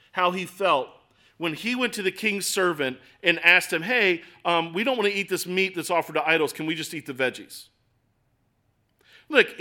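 A middle-aged man delivers a sermon in a chatty, animated style, acting out little asides as he goes. His voice sits a touch high and comes across bright and forceful. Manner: conversational, animated preaching with acted asides. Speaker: pastor.

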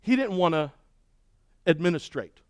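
A middle-aged man preaching a sermon and telling a story with lively, acted-out shouting and cheering. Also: fairly high pitch, normal speed, clean tone, no echo. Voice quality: balding. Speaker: pastor.

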